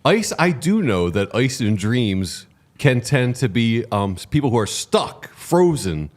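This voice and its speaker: A man's voice: medium pitch, very animated, a little slow, darkish tone. A man co-hosting a sports talk show, joking along with short, playful replies. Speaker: co-host.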